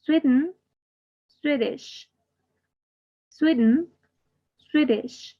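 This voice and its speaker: A woman teaching an English class online, slowly repeating each word twice in a drilled, deliberate way. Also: sits high, mellow. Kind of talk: slow drilled pronunciation lesson. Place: online class, speaking to a camera. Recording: slightly dull lo-fi audio.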